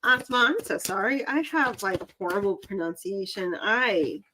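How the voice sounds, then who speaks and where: A young psychic reader with a light Southern drawl gives tarot readings on a live stream, chatting, giggling, and poking fun at herself. Her mid-range voice is animated, bright, and forceful at a normal speed. The rough recording carries a little hiss or hum.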